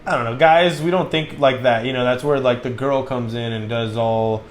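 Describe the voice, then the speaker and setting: A man's voice: mid-range voice, steady tone, normal speed, slight background noise. A man co-hosting a casual chat, talking in a laid-back, rambling way full of fillers. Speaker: podcast co-host.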